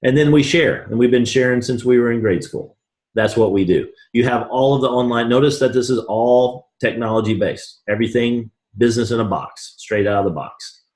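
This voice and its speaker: A man giving a folksy, pushy motivational sales pitch to an event audience. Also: normal speed, darkish tone, reverberant. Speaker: presenter at a business opportunity event.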